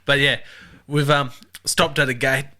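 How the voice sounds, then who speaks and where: Bright-voiced Australian man chatting. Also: medium pitch, level tone, a little slow. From South Australia. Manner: laid-back, laughing storyteller. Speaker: podcast host. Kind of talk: casual chat, storytelling.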